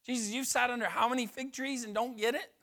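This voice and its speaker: A preacher voicing exasperated disciples who scold their teacher in disbelief, in a raised, incredulous tone. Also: male voice, very high-pitched, steady tone, fast talker, bright, forceful tone, voice pushed up, exaggerated voice. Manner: incredulous, mocking.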